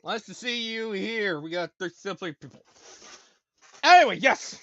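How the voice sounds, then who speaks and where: Man, stream host, high voice, ranting, stammering, repetitive, dull lo-fi sound. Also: lively intonation, measured pace, a bit bright, no echo. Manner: ranting, stammering, repeats himself. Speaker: show host. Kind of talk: casual live-stream talk.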